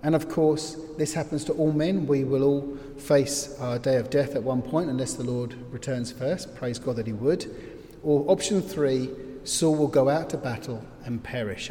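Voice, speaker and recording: A man preaching an expository sermon, telling stories and acting out loud screams as he explains the text. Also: medium pitch. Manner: storytelling, breaks into loud acted screams. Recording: long hall reverb.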